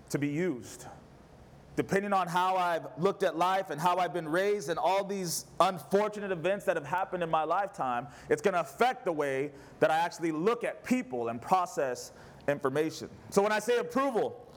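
A man with a high voice preaching to his congregation. He tells stories in an animated, conversational way and often turns to the listeners with a quick question. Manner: animated, conversational, asks the audience "right?". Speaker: pastor. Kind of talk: sermon with personal storytelling.

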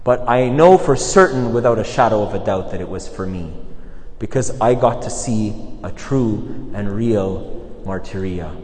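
A man, a priest, giving a relaxed, chatty sermon full of stories and asides. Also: lowish voice, unhurried, in a large hall. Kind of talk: conversational sermon storytelling.

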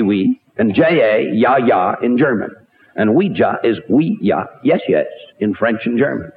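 Older male radio preacher, mid-pitched, animated, rhetorical questions, tinny narrow-band recording. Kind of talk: radio sermon.

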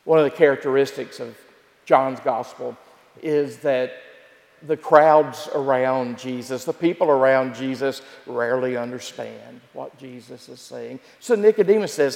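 A man preaching a sermon as pastor, telling the story with repeated phrases and dramatic pauses. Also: mid-range voice, gravelly, a little mellow. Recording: echoey hall with long reverb.

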